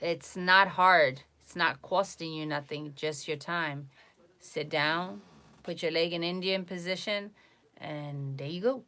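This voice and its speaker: A psychic livestreamer, a woman with a low-sitting voice and a sharp tone, talks casually and slowly on a live stream. She hands out blunt, emphatic advice, repeating herself to drive points home.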